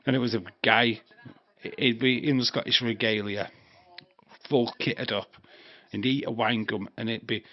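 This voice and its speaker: A man's voice: medium pitch, fairly even intonation, unhurried, dry recording. Crude joking man in his fifties. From England. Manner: crude joking, rambling, laughs often. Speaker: live stream host. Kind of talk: casual live watch-along chat. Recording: dry, slightly dull stream mic.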